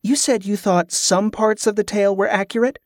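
A man voicing a wry, sharp-witted young woman sailor in a raised voice. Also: high-pitched, steady tone, normal speed, no echo, clean studio sound, voice pushed up.

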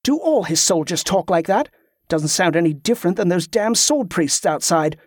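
A man reading aloud, voicing an angry, defiant teenage boy who speaks in a sharp, bitter way. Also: high-pitched, animated, normal speed, no room sound, studio quality.

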